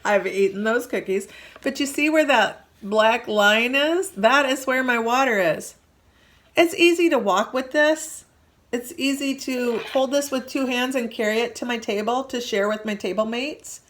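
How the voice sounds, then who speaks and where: A woman teaching children a painting lesson in a playful, animated way, recorded on a tablet or phone in a school art room. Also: fairly high pitch, unhurried. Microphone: tablet or phone camera.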